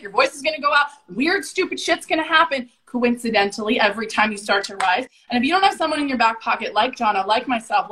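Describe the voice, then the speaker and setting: A woman guesting on a podcast storytells loudly and without a filter, cursing nonstop in a casual style. Her voice is high and bright, and she races along emphatically, hitting every point with raw force.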